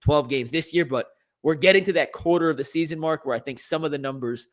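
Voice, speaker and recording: A man's voice: fairly high pitch, fast talker. A man hosting a sports talk show, talking animatedly and rattling off statistics.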